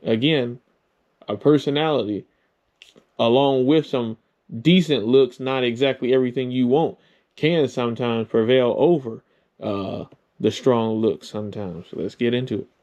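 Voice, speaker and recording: A man's voice: medium pitch, normal speed, darkish tone. A man hosting a reaction video, cutting in with teasing asides to viewers. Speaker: reaction channel host. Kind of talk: reaction commentary.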